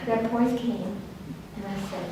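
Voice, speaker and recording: A woman leading a workshop, telling a personal story in a lively way and acting out the voices she quotes. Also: a little high. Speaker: workshop leader. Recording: very echoey room, distant mic, faint noise.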